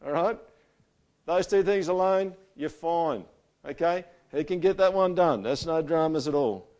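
A man preaching a sermon to a church gathering. He talks conversationally and swings between loud emphasis and quiet, intimate passages. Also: on the high side, unhurried. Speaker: pastor.

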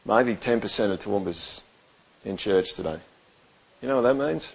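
A man's voice: lowish voice, lively intonation, moderate pace, creaky, slightly rough, poor audio. A man preaching a sermon in a church, talking conversationally and often checking in with the room. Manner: conversational, keeps asking the room "right?". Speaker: pastor.

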